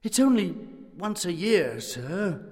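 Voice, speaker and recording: Guy voicing a nervous little clerk begging, high voice, echoey hall. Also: sing-song, slow, a little mellow, full character voice. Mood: pleading. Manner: pleading, apologetic. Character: timid young male clerk, pleading. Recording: long hall reverb.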